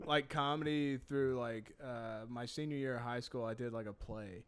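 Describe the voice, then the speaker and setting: Smooth-voiced storytelling man from Alabama. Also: medium pitch, moderate pace. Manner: animated, laughing storyteller. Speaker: guest. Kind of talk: casual storytelling.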